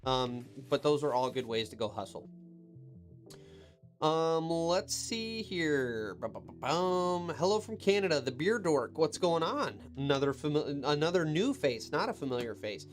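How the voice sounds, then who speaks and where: A heavy-equipment operator hosts a casual live-stream Q&A from an equipment cab with faint music behind him, reading viewer comments aloud and giving loose, chatty advice. His voice is fairly high, sing-song, and a little slow.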